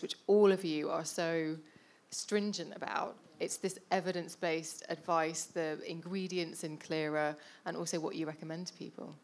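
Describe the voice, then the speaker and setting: A woman moderating a panel discussion, talking with enthusiasm and lively storytelling. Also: on the low side.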